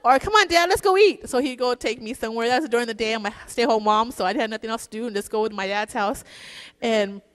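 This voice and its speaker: A woman's voice: fairly high pitch, level tone, fast talker, clear, resonant tone. A woman giving a casual, joking eulogy for her father at a church service, telling stories in a chatty way. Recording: long reverb in a church hall.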